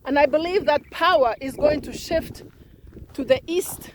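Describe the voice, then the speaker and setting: A high, bright-pitched woman from Africa talks straight to camera in an opinion vlog. She is middle-aged and emphatic, and her delivery is fervent as she builds her case point by point. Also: a little slow, slight background noise. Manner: impassioned, emphatic, counting off numbered points. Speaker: vlogger.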